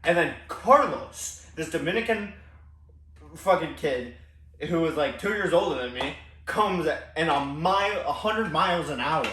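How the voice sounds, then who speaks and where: A man's voice: on the high side, lively intonation, unhurried, sharp tone, slight background noise. Brief: young man, easygoing co-host, laughs a lot, distant and echoey. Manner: laughs often, swears casually. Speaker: podcast co-host. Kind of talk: casual storytelling chat. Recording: roomy sound from a distant mic.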